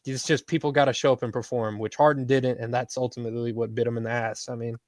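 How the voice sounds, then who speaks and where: A man's voice: medium pitch, little pitch movement, quick pace, no echo. A man co-hosting a casual sports talk show, rambling through his basketball takes in a laid-back way. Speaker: podcast co-host.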